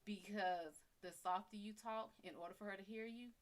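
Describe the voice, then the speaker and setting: A woman psychic reader giving blunt, animated relationship advice on a live stream, acting out dialogue as she talks. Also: medium pitch, brisk.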